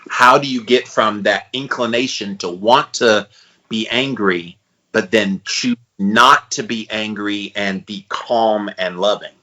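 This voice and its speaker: A man in his forties co-hosting a podcast in casual chat, thinking out loud with hesitant restarts. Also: fairly low pitch, slow, highs cut off. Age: 40s. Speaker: podcast co-host.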